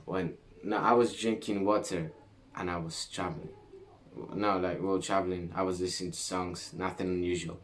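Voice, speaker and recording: A young man from Greece telling a story to camera in a casual vlog, animated and full of swearing and slang. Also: low voice, normal speed, a little hiss or hum. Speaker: vlogger.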